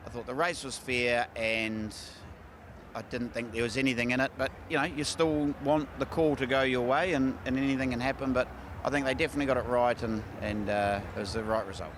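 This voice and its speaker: A man's voice: mid-range voice, steady tone, brisk, background noise. A man, a racehorse trainer talking candidly after a big win, with lots of fillers and restarts. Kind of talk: casual post-race interview. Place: outdoors at a racecourse.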